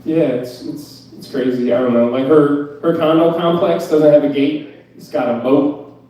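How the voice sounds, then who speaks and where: A young male comic ranting in a profane, disbelieving, self-mocking way about his life. His voice sits a bit high and has a mellow, soft edge. The sound is roomy and echoey, as if picked up from across a small club. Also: moderate pace, far from the mic. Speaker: stand-up comedian. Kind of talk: stand-up set at an open mic. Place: club stage.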